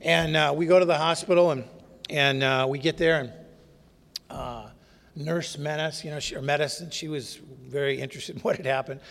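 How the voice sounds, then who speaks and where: A man's voice: on the high side, fairly even intonation, moderate pace, creaky, a bit bright. A man telling his recovery story in a wry, candid, self-mocking way. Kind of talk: humorous personal storytelling talk. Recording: long reverb of a hall.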